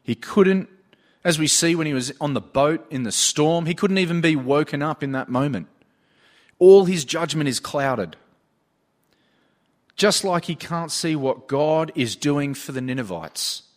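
Male preacher, slightly raised pitch, earnest storytelling sermon delivery. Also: animated, measured pace. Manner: earnest, storytelling with retold dialogue.

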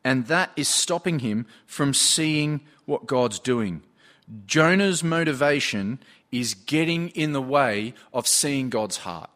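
A man's voice: medium pitch, expressive, takes it slowly, a bit bright. A man preaching a sermon, earnestly telling stories from his own work and retelling what people said. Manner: earnest, storytelling with retold dialogue.

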